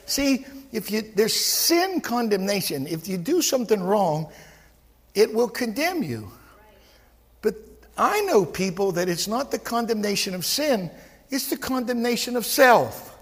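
A male pastor preaching a sermon in a church, animated and full of stammered restarts as he acts out quotes. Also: very high-pitched, gravelly, slightly rough, long reverb tail.

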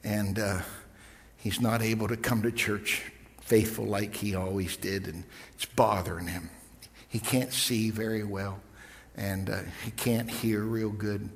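A middle-aged man preaching, telling a personal story in a halting, emotional way with many repeated words. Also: lowish voice, fairly even intonation. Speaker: pastor. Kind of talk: sermon storytelling. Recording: long reverb of a large hall.

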